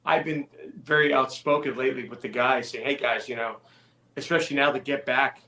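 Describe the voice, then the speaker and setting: A man's voice: medium pitch, a little fast. Man from California, musician guest, easygoing anecdotes, echoey room sound. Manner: relaxed storytelling, self-deprecating. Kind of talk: casual interview chat.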